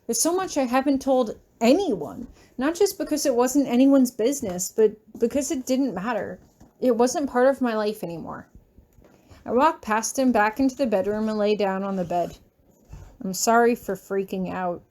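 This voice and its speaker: A woman reading a first-person fanfiction story aloud, with emotional, expressive delivery. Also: fairly high pitch, normal speed. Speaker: audiobook reader.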